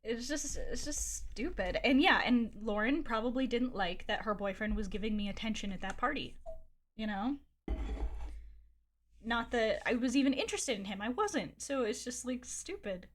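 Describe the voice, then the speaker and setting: Chatting on stream at a normal speed, a woman with a fairly high, animated voice shares gossip candidly. She swears a lot, laughs often, and rambles with plenty of fillers.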